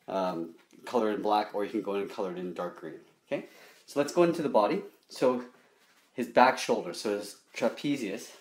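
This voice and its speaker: Low-voiced man teaching a drawing lesson. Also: reverberant. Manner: relaxed, talks through each stroke with frequent "okay?". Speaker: drawing instructor.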